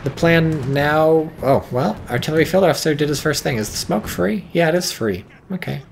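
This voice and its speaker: A man giving casual, profane, excitable commentary on a strategy game match, with wry asides. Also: on the high side, quick pace, vocal fry, a little hiss or hum. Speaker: game caster.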